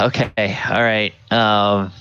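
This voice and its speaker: A man narrating as game master of a tabletop game, halting with many fillers. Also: lowish voice, pushed and bright, clear, resonant tone, dry recording, muffled recording.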